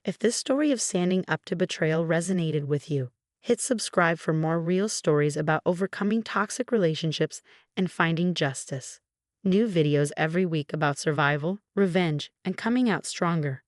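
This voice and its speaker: A woman narrating a scripted first-person story in a calm, even manner. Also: fairly low pitch, moderate pace, no echo, clean studio sound.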